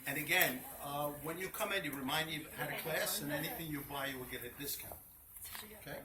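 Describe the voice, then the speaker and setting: A man's voice: a little high, brisk. A fabric shop owner giving an informal hands-on class, chatty and full of stories that he repeats for effect. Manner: chatty storytelling, repeats himself. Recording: roomy, distant mic, noisy shop.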